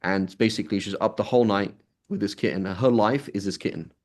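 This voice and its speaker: A man with a fairly low voice teaches an informal religious class. He speaks conversationally, repeating his points and checking in with his listeners after nearly every sentence. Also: quick pace. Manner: conversational, repetitive, asks "right?" often. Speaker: Islamic teacher.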